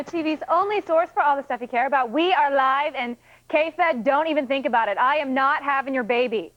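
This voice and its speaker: A woman co-hosting a live TV show, bubbly and laughing, rushing through promos. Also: high voice. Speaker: co-host. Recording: dull lo-fi archived TV broadcast.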